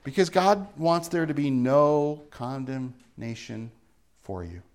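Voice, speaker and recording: A man preaching a sermon as pastor, earnest and emphatic, moving into a quiet closing prayer. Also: mid-range voice, takes it slowly. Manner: earnest, rising to emphatic then hushed in prayer.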